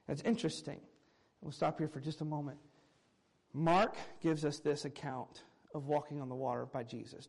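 Man preacher, high voice, animated expository sermon that swings from raised points to soft asides. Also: low-quality recording. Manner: earnest expository preaching, reading scripture aloud; animated, swinging between raised emphasis and quiet low asides. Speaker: pastor.

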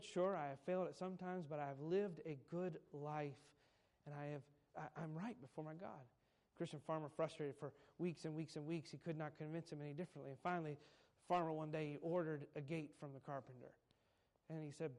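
A male pastor preaching a sermon, telling stories and building to slow, emphatic points. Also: on the high side, darkish tone. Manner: preaches with swelling emphasis, slowing on key phrases.

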